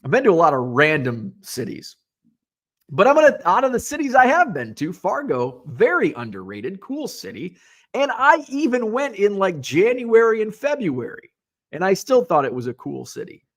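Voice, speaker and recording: An Illinois podcast host chats casually on a live show, reading viewer comments and rambling with plenty of fillers and asides. His voice sits high with huge pitch swings, a fairly bright tone, and a moderate pace.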